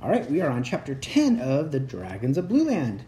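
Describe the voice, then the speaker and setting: A man reading a children's chapter book aloud as a bedtime story, with expressive narration. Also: on the high side, moderate pace, a little hiss or hum.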